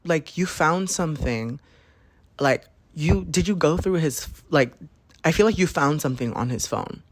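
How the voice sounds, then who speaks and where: A man's voice: on the high side, lively intonation, normal speed, no echo. Brief: man's offhand take on a chatty, swearing woman tarot reader, dry close sound. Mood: knowing. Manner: chatty, swears freely, filler-heavy. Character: blunt woman tarot reader, casual and sure.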